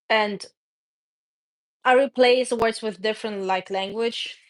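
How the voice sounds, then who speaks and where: Woman streamer, Russian first language, higher voice, loose rambling chat with restarts. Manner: rambling, restarts words, laughs often. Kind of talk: casual chat.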